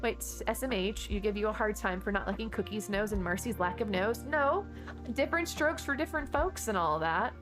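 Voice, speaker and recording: A woman streamer chats loosely and at length, drifting between her game and stories while answering viewers. Her talk wanders with restarts and asides. Chill music plays clearly under her voice. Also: medium pitch, animated, fairly quick. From Texas. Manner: chatty, rambling, reads and answers chat. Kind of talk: casual game stream chat. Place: home desk. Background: background music.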